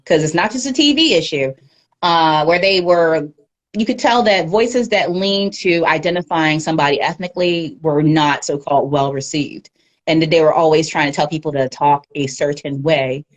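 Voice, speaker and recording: A woman speaking as a guest in a casual livestream interview, candid and animated, often laughing, on a phone or webcam mic. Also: low-pitched, normal speed. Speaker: guest media professional.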